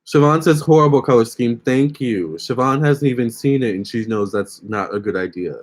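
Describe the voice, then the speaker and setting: A man's voice: medium pitch, normal speed. A young man hosting a casual phone livestream, chatting with viewers and reading their comments aloud. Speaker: livestream host.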